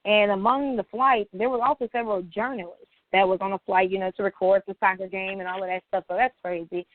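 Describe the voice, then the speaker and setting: A woman's voice: mid-range voice, no room sound. A woman co-hosting a casual podcast, talking in a slangy, teasing way. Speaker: podcast co-host. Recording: tinny phone-line sound, dry.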